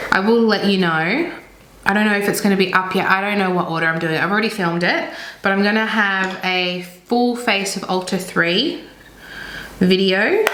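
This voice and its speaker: A woman's voice: medium pitch, fairly bright tone, reverberant, a little hiss or hum, rough recording. A young Australian woman chatting through her makeup routine as a beauty vlogger, rambling and correcting herself as she goes. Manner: rambling, self-correcting, frank. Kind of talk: chatty get-ready-with-me makeup talk.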